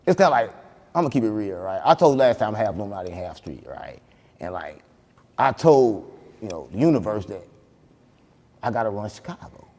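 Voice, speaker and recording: A man hosting a podcast, boasting in animated banter and repeating catchphrases, loud one moment and soft the next. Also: lowish voice, moderate pace, pauses often, in a large hall. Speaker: podcast host.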